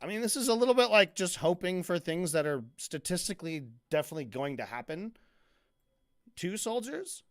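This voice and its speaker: A man giving sarcastic, profane commentary as a streamer reacting to a video, with lots of halting restarts. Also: high voice, very animated. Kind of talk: casual commentary.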